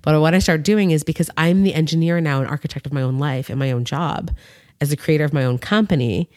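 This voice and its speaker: Woman podcast host in her thirties, blunt and expressive, swears freely, dry close-mic sound. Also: sits low, quick pace, no echo. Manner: frank, swears freely, animated storytelling. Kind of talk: casual chat.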